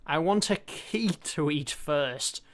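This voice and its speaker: A man's voice: a little high, expressive, slow. A man drawling as a greedy lake creature. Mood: demanding.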